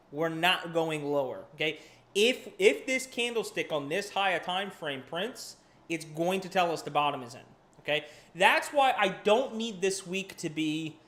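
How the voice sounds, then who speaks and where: A man's voice: high voice, fairly bright tone. Chatty man hosting a crypto livestream. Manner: casual, chatty, swears, apologizes while hunting for charts. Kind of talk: live-streamed market analysis.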